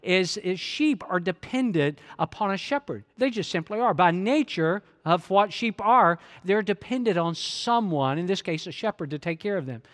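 Pastor guy preaching, kinda high voice, says the key line over and over, big echoey church. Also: expressive, moderate pace, hardly any pauses, fairly bright tone. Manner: earnest, repeats key phrases, leads congregation in reading along. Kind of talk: sermon. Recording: long hall reverb.

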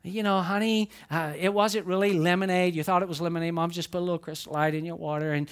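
A woman's voice: lowish voice, fast talker, smooth, natural voice. A preacher voicing his daughter-in-law, a patient young mother who turns stern with a misbehaving toddler. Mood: calm. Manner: calm then stern.

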